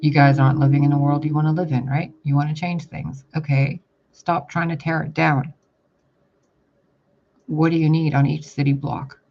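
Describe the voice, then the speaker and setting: This man's voice is on the high side with little pitch movement, and he speaks at normal speed. As a spiritual reader, he rambles bluntly through a casual channeled message with casual swearing, recorded in dull lo-fi audio with loud background noise.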